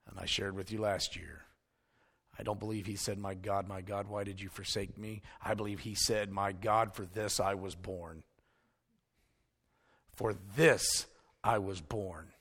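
A male preacher, delivering a sermon that swings from hushed storytelling to emphatic shouting. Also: fairly low pitch, fairly even intonation, unhurried, husky.

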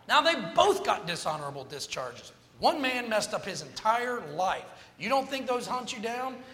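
A man's voice: sits high, moderate pace, few pauses. A man telling a humorous personal story as part of a sermon, jumping between jokes and moral lessons. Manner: animated, joking anecdotes with moral lessons. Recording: long reverb of a large hall.

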